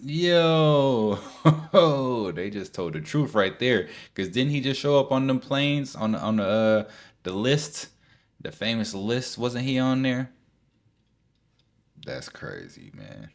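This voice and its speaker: A man's voice: on the low side, sing-song, unhurried, creaky. A man hosting a video, reacting to clips in a casual, slangy way, incredulous and chuckling between remarks.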